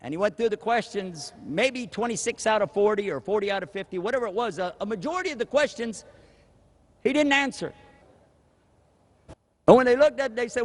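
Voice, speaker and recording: Animated male preacher in an echoing hall. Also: high voice, brisk, long pauses. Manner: animated, humorous, acts out dialogue. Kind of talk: sermon. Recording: echoey hall reverb.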